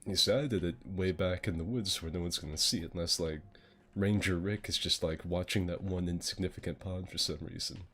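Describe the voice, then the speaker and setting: A man's voice: sits low, brisk, a bit bright. A man in casual chat, rambling through a story with lots of filler words and laughing mid-sentence.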